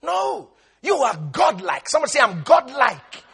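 High-voiced, husky preaching man. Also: sing-song, normal speed. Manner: emphatic preaching, stretching words and bursting into shouts. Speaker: pastor. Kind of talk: sermon.

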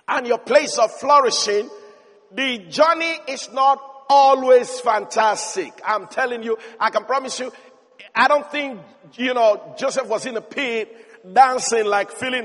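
A preacher with a very high voice delivers an emphatic sermon, climbing to shouts and punctuating with hallelujah. He sounds like he is in a church hall, with long reverb trailing his words.

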